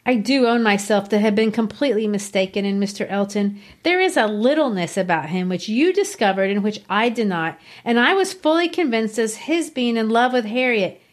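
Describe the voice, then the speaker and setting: A woman reading the part of a spirited young gentlewoman from a novel, in a poised, earnest manner. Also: fairly high pitch, lively intonation, normal speed, hardly any pauses, natural voice. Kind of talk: reading a novel's dialogue aloud.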